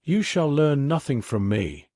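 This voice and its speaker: A man's voice: medium pitch, expressive, measured pace, darkish tone, no room sound, clean studio sound, lightly acted. A man voicing a proud, sullen young man who defends himself with defiance. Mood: defiant.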